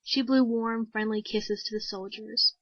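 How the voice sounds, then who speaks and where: A woman reads a short story aloud in a measured, steady storytelling voice, pitched somewhat high. The recording is dry and close, with a slightly dull, lo-fi sound. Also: no echo. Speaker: story reader. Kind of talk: scripted narration.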